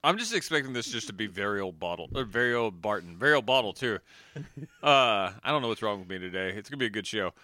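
A man with a bright, sharp tone and a lively voice that rises and falls freely hosts a casual podcast chat. He rambles, jokes and laughs often. It is recorded close on a podcast mic in a dry room. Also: fairly low pitch, quick pace, no echo. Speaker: podcast host.

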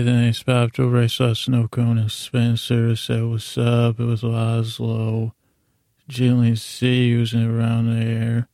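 A man hosting a podcast, telling a rambling bedtime story in a low-key, drowsy, meandering way. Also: gravelly, warm tone, no room sound. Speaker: podcast host.

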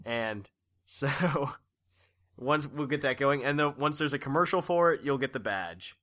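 A man's voice: mid-range voice, a little slow, sharp tone. A man hosting a podcast in a laid-back, rambling way, laughing often. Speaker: podcast host. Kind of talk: casual chat.

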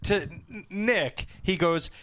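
High, bright young man joking around. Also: takes it slowly, no echo. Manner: jokey, laughs a lot, acts out quotes in silly voices. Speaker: podcast co-host. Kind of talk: casual chat.

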